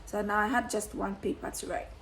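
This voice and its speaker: A woman's voice: mid-range voice, flat delivery, fairly quick, fairly bright tone, a little hiss or hum, poor audio. A young woman vlogging to camera in a candid, exuberant way, laughing often and swearing casually.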